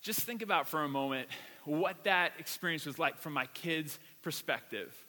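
In a big-room setting, a pastor with a slightly high, bright, forceful voice preaches at a moderate pace. His conversational sermon includes a personal story, told casually and animatedly with words repeated along the way.

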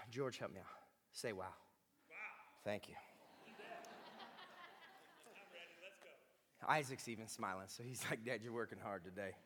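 A man's voice: mid-range voice, animated, measured pace, pauses often, crowd noise. A man preaching a sermon as a pastor, speaking with impassioned emphasis. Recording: long reverb of a large hall.

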